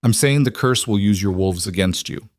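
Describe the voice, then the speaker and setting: A man voicing a grave, commanding alpha king in an audio storybook, speaking slowly and deliberately. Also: on the low side, no echo, studio quality, lightly acted. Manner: slow, deliberate, ominous.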